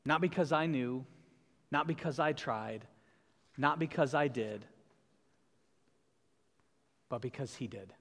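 A man's voice: mid-range voice, slow, vocal fry, long pauses, a bit bright. A man pastor preaching a sermon in a church, building emphatic repeated refrains. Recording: long hall reverb.

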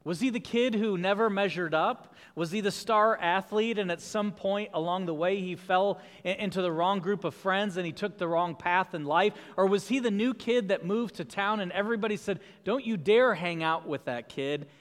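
A man's voice: sits high, steady tone, moderate pace, few pauses, in a large hall. A man preaching a sermon in an earnest, questioning way. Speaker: pastor.

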